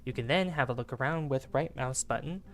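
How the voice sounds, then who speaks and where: A man's voice: medium pitch, a little fast, a bit bright, lightly acted. A man voicing a chipper male rocket engineer giving a formal guided tour, in a put-on British accent. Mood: formal guide.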